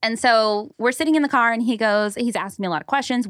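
A woman in her thirties co-hosting a podcast, telling stories in a lively way and acting out the people she quotes. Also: fairly high pitch, fast, hardly any pauses, clear, resonant tone, no echo, studio quality. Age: 30s. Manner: animated storyteller, acts out quoted people. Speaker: podcast co-host. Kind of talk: casual chat, storytelling.

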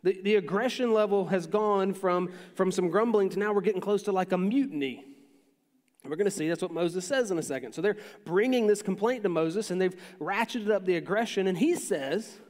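Male pastor, high voice, chatty sermon delivery, lingering hall echo. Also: a little fast, a little mellow. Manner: conversational preaching, acts out quotes.

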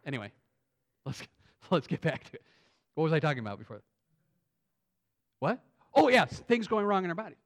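A pastor preaching an earnest sermon that builds to emphatic points. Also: male voice, a little high, very animated, normal speed, pauses often. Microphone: phone on pulpit.

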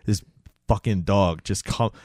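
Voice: low voice, unhurried, no echo, studio quality. A podcast co-host in a casual chat, retelling an episode and quoting the characters, laughing often. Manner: relaxed storytelling, quotes characters, laughs often.

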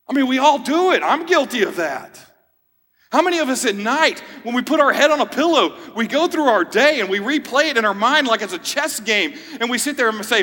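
High-voiced pastor preaching in a reverberant hall. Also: male voice, animated, a little fast, sharp tone, breathy edge. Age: 30s. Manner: conversational preaching with joking asides. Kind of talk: sermon.

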